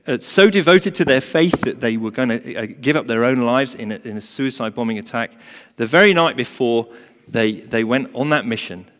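Storytelling preacher man in a reverberant hall. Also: mid-range voice. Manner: storytelling, emphatic with swings from loud to hushed. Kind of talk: sermon.

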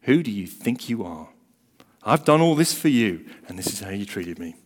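A man's voice: on the low side, big pitch swings, moderate pace. A man putting on a ranting, self-righteous old farm woman. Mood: defiant. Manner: ranting, fierce and aggrieved. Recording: long hall reverb.

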